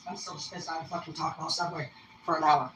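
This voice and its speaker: A woman's voice: low-pitched, fairly even intonation, fast, fairly bright tone. A young woman telling rambling, profane personal stories in a casual, laid-back way. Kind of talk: casual storytelling. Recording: roomy echo, mic at a distance, faint noise.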